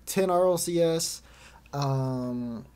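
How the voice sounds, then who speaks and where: A man's voice: a little high, takes it slowly, a little mellow, clear, resonant tone. A man hosting a casual esports podcast, rambling with lots of fillers and frequent laughs. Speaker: podcast host. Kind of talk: casual chat about esports.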